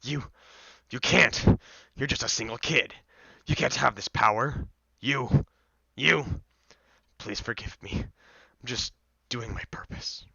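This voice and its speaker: A man doing a gravelly frightened demon. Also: mid-range voice, slow pace, pushed and bright, no room sound, exaggerated voice. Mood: pleading. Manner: stammering, pleading. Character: cornered male demon servant, loyal yet frightened. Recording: slightly dull lo-fi mic, dry.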